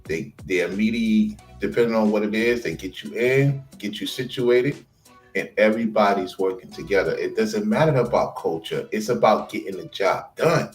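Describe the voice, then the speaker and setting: Man, casual chat co-host, animated storyteller, roomy sound with faint music behind. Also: on the low side, moderate pace. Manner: animated storytelling, slips into quoted voices.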